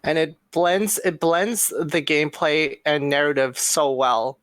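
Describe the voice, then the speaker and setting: A man's voice: fairly high pitch, fairly even intonation, measured pace, fairly bright tone, dry recording. A man co-hosting a podcast, chatting casually and enthusiastically about games. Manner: enthusiastic, talks through game details. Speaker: podcast co-host. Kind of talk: casual chat.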